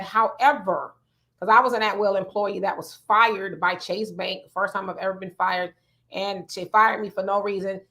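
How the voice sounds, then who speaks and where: A woman from California with a Californian accent, hosting a casual livestream chat, reading viewer comments aloud and answering them. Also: medium pitch. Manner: self-described loud talker. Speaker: host.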